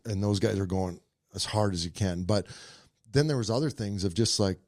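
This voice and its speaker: Brief: thirties guest from Minnesota, low voice, dry close mic, laid-back storyteller. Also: male voice, normal speed, no echo. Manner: relaxed, reflective storytelling. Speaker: podcast guest, former hockey player. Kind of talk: casual chat.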